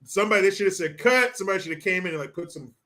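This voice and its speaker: A man with a high, sharp voice hosts a live-stream commentary show, firing through viewer messages at a rapid clip with fairly even intonation. He mocks people, swears plenty, and keeps breaking into laughter in this casual, profane commentary.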